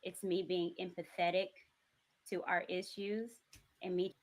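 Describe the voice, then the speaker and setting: A woman with a Southern US accent, a content creator speaking in a measured, earnest way on a panel discussion. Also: lowish voice, little pitch movement.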